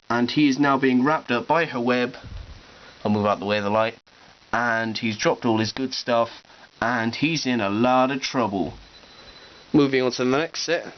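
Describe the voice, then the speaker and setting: A man giving a chatty, upbeat show-and-tell tour of his collection at home, with playful asides. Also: mid-range voice. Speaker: toy collection vlogger. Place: room at home with display shelves. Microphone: cheap digital camera. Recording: dull camera audio with faint hiss.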